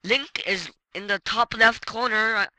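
High, bright-voiced excitable male gamer. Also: a little slow, no room sound, rough recording. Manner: excitable, swearing, frequent exclamations. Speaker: let's play gamer. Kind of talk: casual gameplay commentary.

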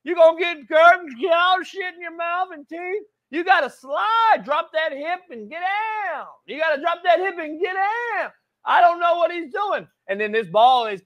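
A man putting on a shrill shouting football coach. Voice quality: shouts and drawls "son" at the end of lines. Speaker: sports show host. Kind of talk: film-breakdown sports commentary.

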